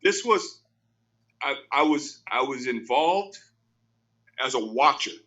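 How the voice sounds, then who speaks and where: A man's voice: medium pitch, lively intonation, slow, pushed and bright, dull audio. A man hosting a casual podcast, telling stories animatedly and repeating his phrases. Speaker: podcast host.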